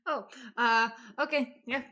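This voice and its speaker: A woman's voice: fairly high pitch, steady tone, takes it slowly, bright, forceful tone. A woman playing a tabletop game who talks playfully and laughs often. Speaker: player. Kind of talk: casual tabletop play.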